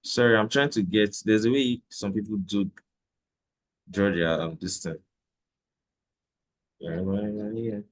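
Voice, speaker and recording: A man leads a live trading lesson in a fairly low voice. He talks in a loose, conversational way, repeats his points and keeps checking in with the viewers. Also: fairly even intonation, a little slow, long pauses. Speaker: trading instructor.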